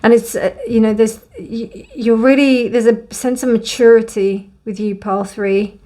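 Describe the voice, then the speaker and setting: A young woman gives a casual, gently emotional tarot card reading in a warm, reassuring way. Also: fairly high pitch, fairly even intonation, normal speed. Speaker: tarot reader.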